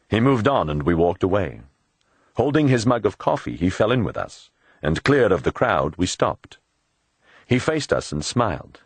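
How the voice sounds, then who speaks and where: Deep husky male audiobook narrator. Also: sing-song, normal speed, dry recording. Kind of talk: scripted narration.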